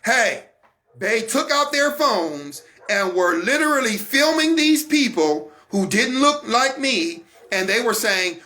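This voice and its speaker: An American man leads a Christian broadcast, speaking directly to listeners in an emphatic, repetitive style like a sermon. His voice is very high and very animated, with a slow pace and a sharp edge.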